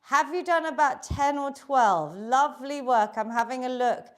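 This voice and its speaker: A middle-aged British woman with a high voice leads a live online exercise class. She cheers her students on and cues each inhale and exhale. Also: animated, moderate pace. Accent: British English. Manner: encouraging, cueing breaths and counts. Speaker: fitness instructor. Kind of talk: live online workout instruction.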